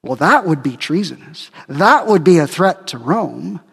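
A man's voice: a little high, very animated, a little slow, creaky, a bit bright, breathy edge, big-room sound. A male pastor preaching a sermon dramatically, acting out the quoted speakers.

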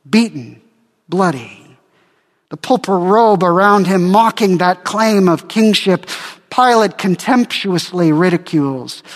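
Man preaching a sermon, high voice, slow and deliberate, long church echo. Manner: dramatic, acts out quotes. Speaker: pastor.

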